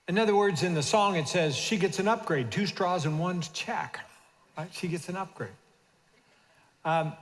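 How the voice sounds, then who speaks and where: Older male pastor preaching in a hall. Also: a little high. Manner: urges the congregation to repeat after him. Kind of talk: sermon. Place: church sanctuary. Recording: long reverb of a church hall.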